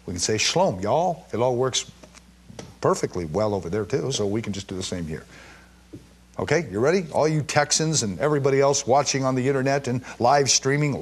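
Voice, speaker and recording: This is a Bible teacher, a man with a faintly husky voice, teaching scripture live with big pitch swings as he leans into key words. His verse readings are slow and weighty, and he breaks them up with casual asides and questions aimed at the people listening.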